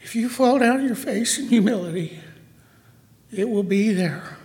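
A man's voice: high-pitched, moderate pace, a little mellow. A man giving an emotional, emphatic sermon to a small congregation in a church hall. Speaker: church speaker. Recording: hall reverb.

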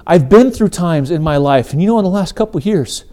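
A man's voice: fairly high pitch, animated, fairly quick, mellow. A middle-aged man hosting a faith podcast, delivering an earnest, emphatic sermon-style talk. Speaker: podcast host.

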